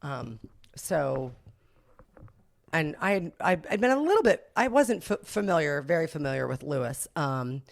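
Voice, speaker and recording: A middle-aged woman, a podcast guest, telling an anecdote in an animated, self-mocking way, laughing often and acting out the voices of people in her story. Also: low voice, moderate pace, creaky. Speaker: podcast guest, boutique owner.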